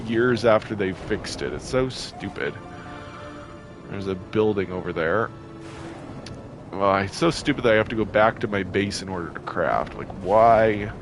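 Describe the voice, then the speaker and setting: A man casually commenting while playing a game, chatty and quick to get irritated, laughing often. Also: on the low side, music in the background. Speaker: gameplay video host.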